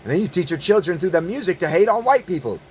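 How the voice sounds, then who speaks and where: A man's voice: high-pitched, animated, quick pace, slight background noise. A man delivering an angry, profane monologue, emphatic and prone to repeating words in bursts. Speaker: online commentator. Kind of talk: ranting monologue.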